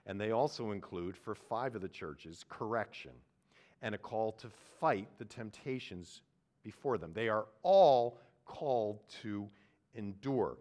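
A man's voice: lowish voice, lively intonation, a little slow. Emphatic preacher man. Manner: earnest, swings from quiet reflection to loud emphatic preaching. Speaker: pastor. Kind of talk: sermon.

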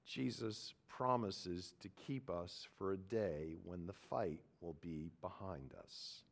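A man preaching a sermon, earnest, moving from quiet reflection to loud, emphatic points. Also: low voice, takes it slowly, creaky. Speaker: pastor.

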